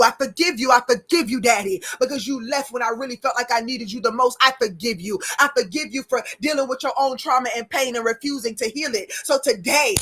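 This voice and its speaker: Fervent woman chanting spiritual guidance. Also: fairly high pitch. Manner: repetitive chanting of short phrases, swelling to near-shouts; leads listeners through breathing exercises. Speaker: podcast host.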